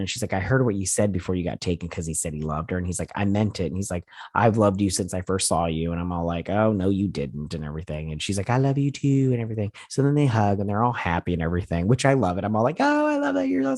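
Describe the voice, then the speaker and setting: A man hosting a casual recap of a TV episode, retelling scenes in a chatty, animated way with playful quoted voices. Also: low-pitched, quick pace, few pauses, dry recording, studio quality. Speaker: show host.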